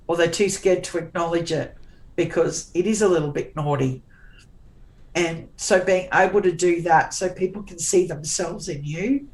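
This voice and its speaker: A woman's voice: on the low side, poor audio. A middle-aged woman talking casually as an interview guest. She is forthright and sarcastic, and she often restarts her sentences.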